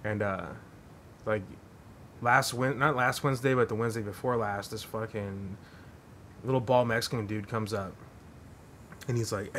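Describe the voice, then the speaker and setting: A man's voice: on the low side, fairly even intonation, normal speed, long pauses, a bit bright, slight background noise. A man hosting a podcast, telling a long story in a rambling, profane way full of fillers. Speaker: podcast host. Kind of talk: casual storytelling.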